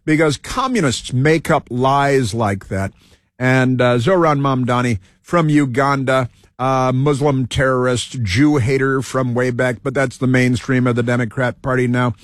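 A man hosting a talk radio show, rambling through a political monologue with many fillers, halting restarts and repeated words. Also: medium pitch, dry recording, clean studio sound.

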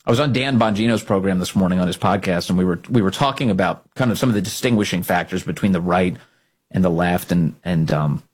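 A man's voice: low voice, quick pace, husky. A man hosting a political commentary show, speaking emphatically and indignantly and repeating key phrases.

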